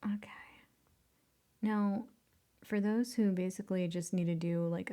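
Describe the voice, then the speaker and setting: In a casual screen-recorded tutorial, a woman with a lowish, mellow voice walks viewers through photo editing. She's self-deprecating, often dropping to a whisper as she works and laughing at her own slip-ups.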